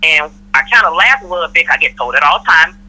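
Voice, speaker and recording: A woman's voice: sits low, expressive, quick pace, bright, forceful tone, rough recording. A middle-aged woman from Florida telling a work story in casual chat, acting out the people she quotes. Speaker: podcast guest, mother of host.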